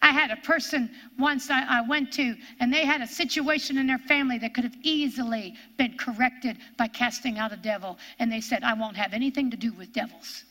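Emphatic high-voiced preacher woman from Ohio. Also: brisk, few pauses. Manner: emphatic, swings from loud commands to low hushed tones. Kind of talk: sermon.

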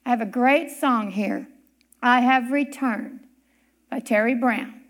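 A high-pitched woman delivers a sermon story at an unhurried pace. She lingers on words and pauses for drama, building the tale phrase by phrase. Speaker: church speaker.

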